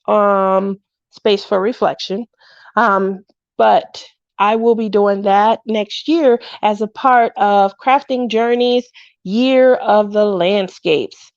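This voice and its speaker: A woman's voice: fairly high pitch, no echo, highs cut off. Chatty woman hosting a craft livestream. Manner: chatty, greets viewers, laughs often. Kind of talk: casual livestream chat.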